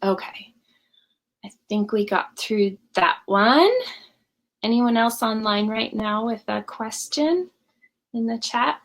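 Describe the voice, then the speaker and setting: A woman's voice: fairly high pitch, slow, pauses often. A woman hosts a live question-and-answer session for parents. She explains things in a friendly, conversational way. She talks from home. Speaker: parenting coach.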